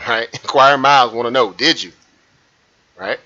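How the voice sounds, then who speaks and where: A man hosting a live trading stream, talking viewers through a price chart in an animated way, repeating points and asking rhetorical questions. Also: medium pitch, moderate pace. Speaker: trading livestream host. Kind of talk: live market commentary over a chart. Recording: muffled lo-fi stream audio.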